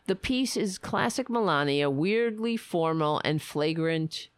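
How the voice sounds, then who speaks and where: A woman's voice: sits low, lively intonation, unhurried, no room sound, studio quality. A woman hosting a casual home livestream, chatting wryly with her viewers and thanking supporters. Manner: chatty, wry, talks to her pets in a soft coaxing voice. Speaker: livestream host. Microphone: home webcam mic.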